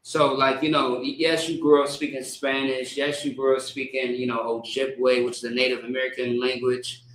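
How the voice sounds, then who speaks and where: Male service leader, sermon; stammering scripture reading into casual rambling preaching; bright tone, roomy echo. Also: medium pitch, flat delivery, a little hiss or hum. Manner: halting, stammering repeats while reading. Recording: echoey room.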